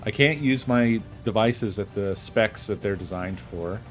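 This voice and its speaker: A man's voice: fairly low pitch, a little slow, faint music behind. A man streaming a game, venting in a casual, frustrated way and swearing often; he says he is not feeling well. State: feeling unwell. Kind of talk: casual gaming stream chat.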